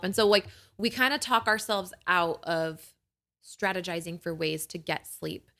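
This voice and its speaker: Speaking at normal speed in a mid-range voice with a bit of brightness, a young adult woman hosts a podcast for new mothers. Her casual explanations are reassuring and conversational, peppered with "like" and frequent "right?" check-ins.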